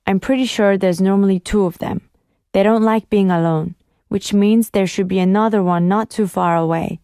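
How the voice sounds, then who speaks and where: Casting: a woman playing a gentle, shy teenage boy, warm tone, no room sound. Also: medium pitch, steady tone, moderate pace, clean tone, dry recording, studio quality, natural voice. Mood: friendly. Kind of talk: audiobook reading.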